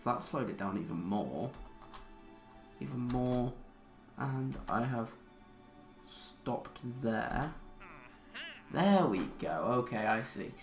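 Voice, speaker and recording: A man's voice: mid-range voice, very animated, takes it slowly, pauses often, roomy sound, soft background music. A young man playing a space game, thinking aloud with many fillers and reading the tutorial text aloud. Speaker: gamer.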